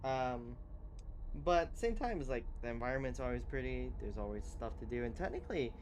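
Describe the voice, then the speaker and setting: A man's voice: mid-range voice, lively intonation, moderate pace, a little mellow, slight background noise. A man streaming, chatting casually and rambling, with lots of fillers and laughs.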